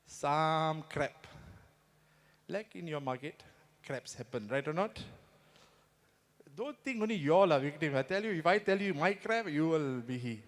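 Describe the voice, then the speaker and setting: High-voiced Singaporean man in a hall. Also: animated, measured pace. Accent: Singaporean English. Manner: rhetorical, keeps asking the audience to agree. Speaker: motivational speaker. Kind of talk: motivational stage talk. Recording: long reverb of a big hall.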